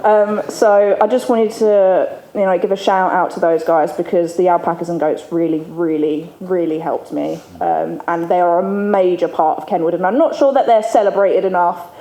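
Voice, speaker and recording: A woman with a lowish, mellow voice speaks at a normal speed with fairly even intonation and hardly any pauses. She is giving a candid, chatty recovery testimony to an audience in an event hall, laughing often. The echoey hall carries faint room ambience.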